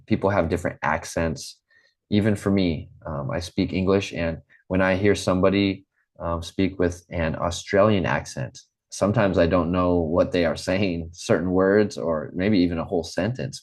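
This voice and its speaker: Deep-voiced American man teaching English. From Midwest United States. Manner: slow, clear, repeats and checks with okay. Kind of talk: live online English class.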